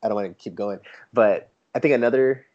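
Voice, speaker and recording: A man chatting casually as a guest, an enthusiastic storyteller who acts out what others said in a lively, raised voice. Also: lowish voice, a little fast. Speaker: toy photographer guest. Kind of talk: casual chat. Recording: dull lo-fi sound.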